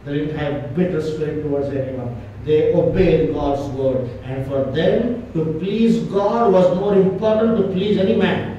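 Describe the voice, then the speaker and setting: A man's voice: on the high side, measured pace, few pauses, mellow, highs cut off, slight background noise. A man preaching a church sermon with emphatic, repetitive delivery. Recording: echoey church hall from far off.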